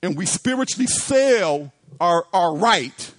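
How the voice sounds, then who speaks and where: A male preacher delivering a sermon in a high, animated voice that swoops up and down. He repeats his phrases and throws out rhetorical questions. He acts out the pleas he quotes. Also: takes it slowly.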